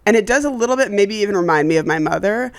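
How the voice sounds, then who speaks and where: A woman's voice: medium pitch, lively intonation, racing. A woman in her thirties co-hosting a podcast in casual chat, brash and joking, often acting out what she would say. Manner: joking, brash, sings and acts out lines. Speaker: podcast co-host.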